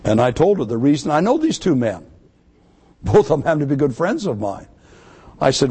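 A man preaching a sermon to his congregation, emphatic, repeating key words and slowing down to stress them. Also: fairly high pitch, very animated, darkish tone, husky. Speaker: pastor.

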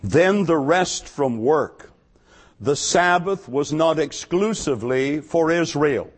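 A male Bible teacher with a fairly high voice, giving a careful expository sermon. He speaks slowly and deliberately and leans on each key word. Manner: slow, measured and deliberate, stressing key words. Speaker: preacher.

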